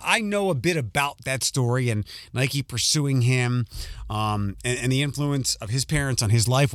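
A man's voice: medium pitch, dry recording, clean studio sound. Chatty male radio host, faint Philly accent. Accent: light Philadelphia. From Philadelphia area. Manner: chatty, rambling, lots of ums and restarts. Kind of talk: casual talk radio monologue.

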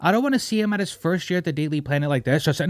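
A man's voice: a little high, lively intonation, rapid-fire, dry recording. A man hosting a podcast in casual banter, loose and profane, riffing on jokes. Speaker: podcast host.

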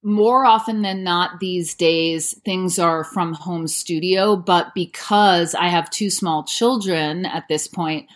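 A woman in her thirties with a fairly low voice talks about her narration work. She is relaxed and chatty, filling her answers with "like" and light asides. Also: slow, few pauses. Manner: chatty, with many "like" fillers and light laughs. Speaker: audiobook narrator and voice actor. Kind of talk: casual interview answers.

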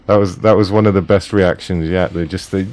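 Tiefstimmiger, trockener Moderator. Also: male voice, low-pitched, a little hiss or hum. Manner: deadpan, mocking. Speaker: prank call show host. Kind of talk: casual chat and prank calls.

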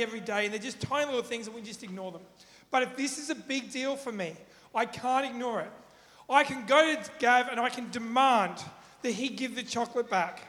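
A man's voice: very high voice, bright, forceful tone. A man preaching in a casual, conversational way, asking the audience questions and acting out everyday examples. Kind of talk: sermon. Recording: long reverb in a hall.

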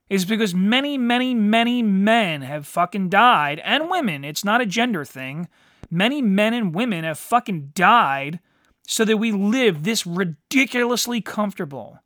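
A man's voice: sits high, very animated, a little slow, fairly bright tone, no room sound, clean studio sound. A man ranting bluntly in a monologue, swearing heavily and tagging lines with "you know". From United States. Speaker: podcast host.

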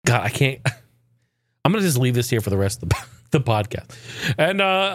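A man's voice: mid-range voice, very animated, moderate pace, long pauses, no room sound, clean studio sound. A man hosting a podcast in casual chat, rambling loosely, swearing freely and chuckling often. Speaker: podcast host.

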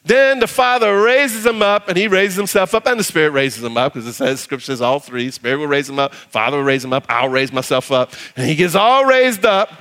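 A man preaching a sermon as pastor, animated, acting out little voices in his quotes, then dropping low and soft to read scripture. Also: fairly quick, few pauses, big-room sound. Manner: drops to a low soft voice when reading scripture.

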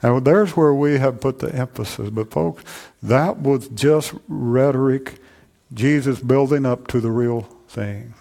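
Preaching unhurriedly in a creaky voice, a pastor addresses his congregation. His sermon alternates fervent, loud stretches with low, personal asides, and he keeps saying "I'm telling you."

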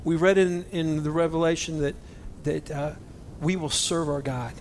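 A man preaching a sermon, animated and emotional, swinging between loud exclamations and hushed near-whispers. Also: a little high, moderate pace, slight background noise. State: choked up with emotion. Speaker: pastor.

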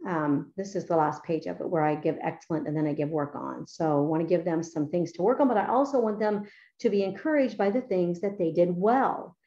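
A woman's voice: fairly low pitch, brisk, warm tone, muffled recording. A middle-aged woman teacher explaining how she edits student papers, chatty and enthusiastic with many fillers. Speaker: writing teacher. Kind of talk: explaining her paper-editing method.

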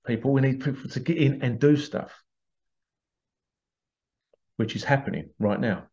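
Gravelly man ranting. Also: mid-range voice, moderate pace, pauses often, warm tone. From United Kingdom. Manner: agitated ranting with many rhetorical questions. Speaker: podcast host. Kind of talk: monologue. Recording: dull lo-fi recording.

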